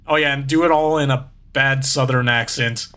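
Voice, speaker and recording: A man's voice: medium pitch, fairly even intonation, normal speed, bright, forceful tone, clear, resonant tone. A man giving casual let's play commentary, rambling and joking at his own expense. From United States. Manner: rambling, jokey, laughs at himself. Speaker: gaming vtuber.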